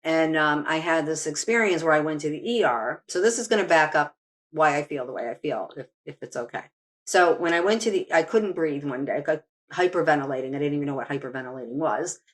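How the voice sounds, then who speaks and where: Low-voiced middle-aged woman telling a story. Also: a little fast. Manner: rambling, with frequent restarts and fillers. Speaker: guest, medium. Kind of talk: personal storytelling in a podcast interview.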